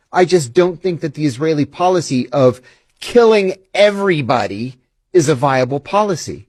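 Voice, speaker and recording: This interview guest, a former intelligence officer, relates anecdotes animatedly, playing out the quoted dialogue as he goes. His fairly high voice swings widely in pitch at a normal speed, with a darkish tone. The audio has no room sound.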